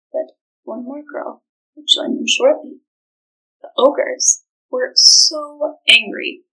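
A woman narrating a storybook folk tale aloud in an expressive, dramatic way, with a husky voice. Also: a little high, poor audio.

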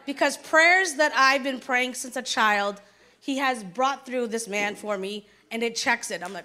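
A woman's voice: on the high side, a little slow, bright, forceful tone. A young woman giving a personal testimony in church, talking casually and acting out dialogue with emphatic turns. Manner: conversational, acts out dialogue, emphatic.

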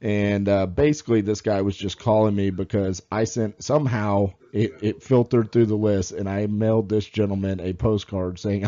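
A man's voice: on the low side, steady tone, moderate pace, hardly any pauses, warm tone. A man hosting a podcast interview, asking questions and telling stories in an easygoing way. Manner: easygoing storyteller. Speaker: podcast host. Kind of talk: casual interview talk. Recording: dull lo-fi audio.

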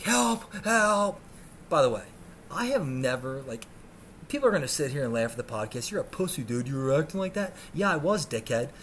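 A man's voice: fairly high pitch, slight background noise. A man hosting a podcast, telling a story in a comic, profane way and shrieking when he acts out scenes. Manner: animated, swears a lot, shrieks when acting out scenes. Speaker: podcast host.

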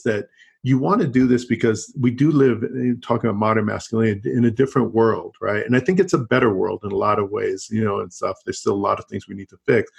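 A middle-aged college teacher is the guest in an easygoing, rambling conversational interview. His medium-pitched voice is gravelly with a breathy edge, and his talk is peppered with "you know, and so on."

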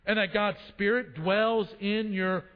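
A man with a high voice preaches a sermon, calling out to the congregation for answers and hammering his points home by repeating them. His voice rings through a church hall with long reverb. The sound is dull and muffled. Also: unhurried. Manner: call-and-response preaching, repeats phrases for emphasis. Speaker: pastor. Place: church sanctuary.

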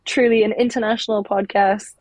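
A woman's voice: mid-range voice, flat delivery, a little fast, darkish tone, no room sound. A sleepy British woman hosting a podcast from an attic room, chatting loosely and swearing casually. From England. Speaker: podcast host. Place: attic room at her mother's home.

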